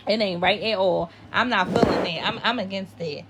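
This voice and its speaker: A woman's voice: medium pitch, normal speed, very noisy. A woman hosting a casual TV episode recap, talking in an opinionated way and repeating phrases for emphasis.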